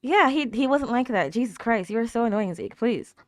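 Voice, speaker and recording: Female reaction host, chatty and animated, talks back at the screen; dry, close sound. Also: on the high side, fairly quick, no echo. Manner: laughs often and coos at cute moments. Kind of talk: casual reaction commentary.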